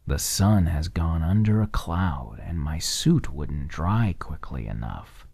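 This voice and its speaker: A man voicing a small, cautious young meadow mouse in a soft whispered role-play, polite but firm. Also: a bass voice, expressive, slow, creaky, husky, no echo, heavily acted. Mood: wary. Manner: wary, polite, then firm.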